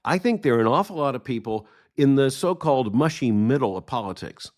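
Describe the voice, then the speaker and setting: A middle-aged man delivering daily news commentary at a steady, average pitch. He talks in a measured, deliberate way and leans hard on key points. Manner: measured, emphatic, reads quotes aloud. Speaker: podcast host.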